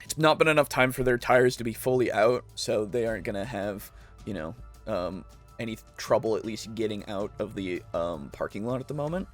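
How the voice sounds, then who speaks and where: A man narrating a tabletop role-playing game as game master, slow and halting with many pauses and fillers. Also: lowish voice, lively intonation, soft background music.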